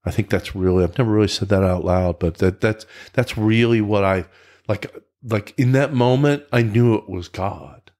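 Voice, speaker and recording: A man's voice: fairly low pitch, normal speed, darkish tone. A man who is a podcast guest, telling his personal recovery story in a reflective, earnest way, often restarting his sentences.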